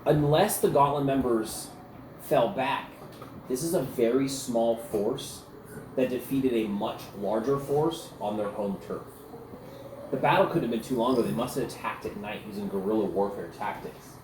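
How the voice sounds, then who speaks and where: A man's voice: mid-range voice, moderate pace. Man, game master, tabletop narration, loose descriptive delivery, mid-range voice, echoey room, faint hum behind. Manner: descriptive, loose, with frequent "like" fillers.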